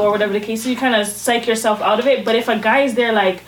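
Chatty woman with a fairly high voice. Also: a little fast, slight background noise. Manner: chatty, rambling with fillers and asides. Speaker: podcast co-host. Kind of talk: casual chat.

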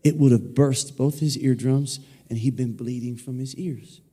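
A man preaching in a church sanctuary, animated and playful, often calling on the congregation to repeat his words. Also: mid-range voice, moderate pace, breathy edge. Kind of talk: energetic sermon with call-and-response.

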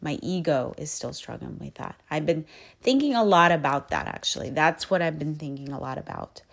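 A woman hosting a podcast, talking through her feelings in a candid, reflective monologue, soft-spoken and pausing often to find her words. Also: low-pitched, very animated, gravelly. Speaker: podcast host.

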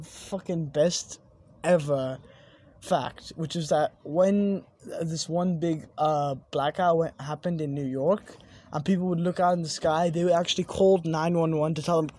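A young adult talks in a loose, rambling monologue, swearing freely and cutting off words to restart. The voice is husky and breathy, sitting at an ordinary middle pitch. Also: mellow. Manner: rambling, swearing, many self-corrections. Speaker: vlogger. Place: outdoors at night overlooking buildings.

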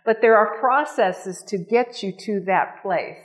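A woman's voice: mid-range voice, unhurried. A woman teaching a nutrition and cooking class to a small group, gushing and enthusiastic as she demonstrates. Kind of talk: live cooking demonstration talk.

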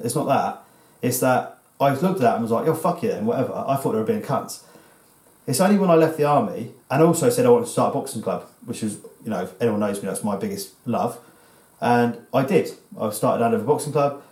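Sweary English bloke telling a story. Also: male voice, medium pitch, darkish tone, roomy sound. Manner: swearing, rambling storyteller with restarts. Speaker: podcast co-host. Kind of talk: casual podcast chat.

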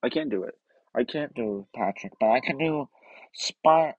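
A man's voice: medium pitch, a little slow, no echo, muffled recording. A man hosting his own podcast in a casual, rambling, self-deprecating way, often trailing off. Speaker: podcast host. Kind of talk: casual chat.

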